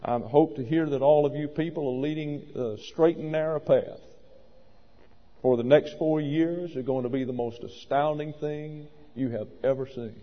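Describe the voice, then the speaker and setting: A man's voice: a little high, moderate pace. A man preaching a sermon in an emphatic, wry manner, sometimes stopping to correct himself. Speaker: pastor. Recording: lo-fi recording in a reverberant hall.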